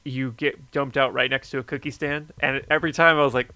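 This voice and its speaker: Man, casual chat, animated storytelling, bright and forceful tone, smooth clear voice, dry close sound. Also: medium pitch, fairly quick, dry recording. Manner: animated storyteller, swears freely.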